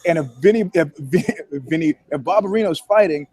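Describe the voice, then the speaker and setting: A man's voice: fairly high pitch, brisk, a little mellow, slightly rough, no room sound. A man co-hosting a casual fight podcast from an airport over a laptop call, joking, swearing and laughing often. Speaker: podcast co-host. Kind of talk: casual chat.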